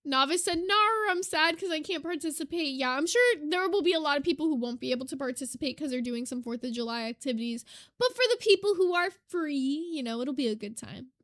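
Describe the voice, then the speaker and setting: A young adult woman streaming live, chatting casually with her chat, reading comments and getting excited, swearing casually. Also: high-pitched, a little fast, dry recording, clean studio sound. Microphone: desk mic.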